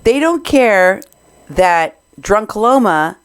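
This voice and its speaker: A woman's voice: medium pitch, big pitch swings, extremely slow, crowd noise. A woman hosting a show, giving casual, mocking commentary on a clip she is playing. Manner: mocking, teasing. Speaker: show host.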